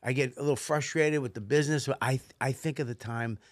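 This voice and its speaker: A middle-aged man co-hosting a comedic podcast, telling animated stories, acting out voices and swearing a lot. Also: medium pitch, fairly quick, no room sound. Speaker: podcast co-host. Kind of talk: casual comedic podcast chat.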